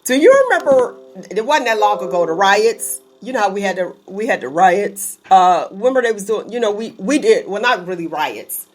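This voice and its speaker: A woman's voice: medium pitch, moderate pace, soft background music. A woman from Youngstown, Ohio, hosting a casual chat, telling stories animatedly and acting out voices. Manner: animated storytelling, acting out voices, laughing often. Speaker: podcast host.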